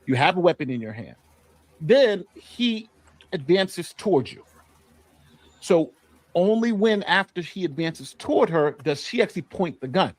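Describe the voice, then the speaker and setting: A man's voice: high voice, big pitch swings, a little slow, no room sound. A man hosting a casual panel discussion, laying out an argument point by point. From New York. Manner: argumentative, builds a case point by point. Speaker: panel host.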